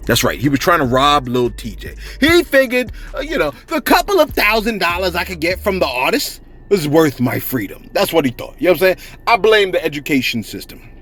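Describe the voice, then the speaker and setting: A man's voice: a little high, a little fast, hardly any pauses. A man with a New York accent, commenting on celebrity news in a slangy, casual monologue to his viewers. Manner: slangy, animated, frequent "you know what I'm saying".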